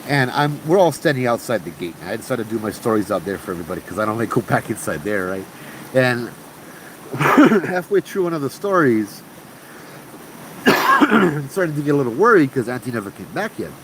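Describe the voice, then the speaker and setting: A man's voice: mid-range voice, a little fast, low-quality recording. A man from Hawaii with a Hawaiian Pidgin accent, telling ghost stories in a chatty, slangy way to a group outdoors at camp. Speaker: ghost storyteller. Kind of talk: casual ghost storytelling to a group. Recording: steady background noise hum.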